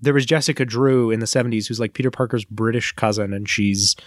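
Male podcast co-host, mid pitch, dry close mic, lively nerdy rambling. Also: dry recording. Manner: animated, nerdy explaining with quick asides. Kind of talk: casual chat.

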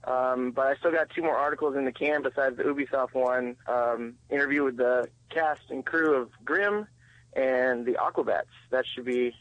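A man's voice: mid-range voice, normal speed, dry recording, dull audio. Hesitant man on a dry recording. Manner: hesitant, full of "uh" and "um". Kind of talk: casual chat.

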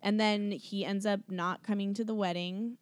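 A woman in casual podcast chat, talking fast with lots of fillers and laughs. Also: mid-range voice, fairly even intonation. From not from the American South. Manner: chatty, filler-heavy, laughing often.

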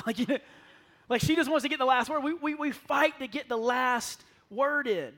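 A man preaching a sermon to a church, telling lively stories and dropping to a near whisper for asides. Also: very high voice, brisk. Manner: animated storytelling, drops to a near whisper for asides. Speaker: pastor. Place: church sanctuary.

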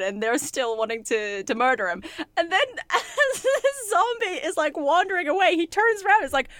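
A woman's voice: high voice, lively intonation, moderate pace, a bit bright, no room sound. A woman co-hosting a casual podcast, recapping a show with lots of laughter and casual swearing. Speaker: podcast co-host.

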